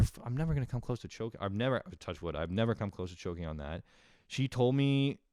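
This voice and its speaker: A man doing a casual, profane comic monologue at home, intense and quick to act out little voices. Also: fairly low pitch, clear, resonant tone, dry recording, clean studio sound. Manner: intense, swearing, acts out voices. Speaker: comedian doing a solo rant. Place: home room, early morning.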